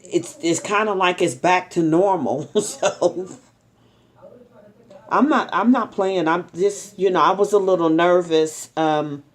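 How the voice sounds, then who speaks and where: A middle-aged woman vlogging at home, chatting to her followers in a rambling, story-telling way with ums and soft laughs. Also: fairly low pitch, slow pace. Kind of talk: casual chat to camera.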